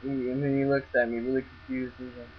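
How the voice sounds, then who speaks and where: A man's voice: medium pitch, little pitch movement, fast talker. Young man rambling through a story. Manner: rambling, stammers and restarts, swears freely. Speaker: vlogger. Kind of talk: casual storytelling. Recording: dull lo-fi recording with faint mains hum.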